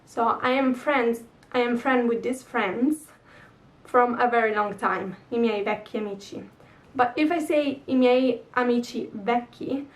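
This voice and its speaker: A woman's voice: on the high side, far from the mic. A woman with an Italian accent teaching a language lesson, patiently repeating example sentences.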